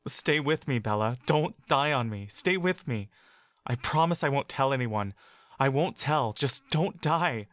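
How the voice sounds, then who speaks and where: A man's voice: medium pitch, animated, measured pace, a bit bright, no echo. A man voicing a desperate winged adventurer who speaks urgently and pleads in an audio story.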